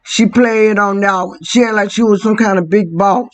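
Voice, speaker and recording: A host in casual chat, asking relaxed questions. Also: medium pitch, moderate pace, poor audio.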